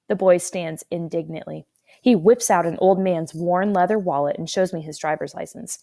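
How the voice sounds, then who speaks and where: A woman narrating a first-person audiobook in a wry, expressive way. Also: lowish voice, moderate pace, creaky, no echo, clean studio sound.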